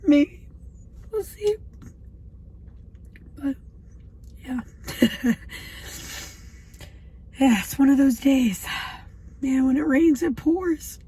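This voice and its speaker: A woman in her twenties talking in a personal video diary, halting and emotional, with many pauses. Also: high voice, warm tone, a little hiss or hum, poor audio. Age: 20s. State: shaky. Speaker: vlogger.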